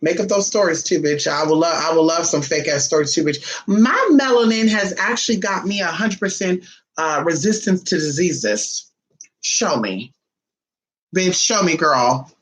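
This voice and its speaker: A woman talking casually to her viewers in a sassy, profane monologue, full of drawn-out teasing asides. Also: on the low side, poor audio. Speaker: spiritual vlogger.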